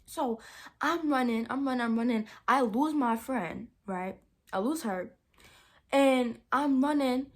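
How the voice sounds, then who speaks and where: Speaking at a measured pace, this high-pitched young woman spins a dramatic tale for her vlog audience, addressing them as "y'all." Her delivery is animated and heavily sprinkled with "like."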